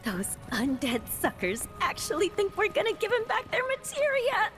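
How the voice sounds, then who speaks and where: A cheeky young thief talks high and bouncy, pushing everyone along, with a lively swing in her voice. Game music sits clearly behind her. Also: full character voice. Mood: cocky. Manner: quick, pushy, cheeky. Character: brash young woman thief, greedy and impatient.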